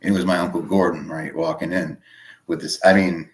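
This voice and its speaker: A man with a Boston accent telling a long personal story in casual chat, halting and full of fillers. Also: sits low, flat delivery. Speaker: podcast guest.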